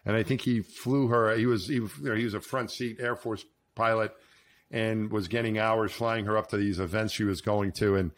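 An American man co-hosting a casual podcast chat, easygoing and quick to laugh along with his guest. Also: fairly low pitch, steady tone. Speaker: co-host, public speaker.

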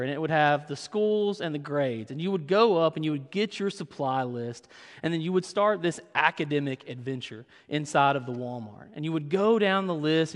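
Young man, pastor preaching, humorous storyteller, fairly high voice, long hall reverb. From Kentucky. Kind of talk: sermon. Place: church sanctuary.

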